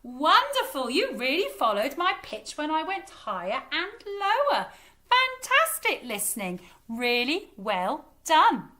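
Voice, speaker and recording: Bright-voiced encouraging English teacher woman. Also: high-pitched, huge pitch swings, measured pace. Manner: cheerful, encouraging, singsong. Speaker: music teacher. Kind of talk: leading a children's singing lesson.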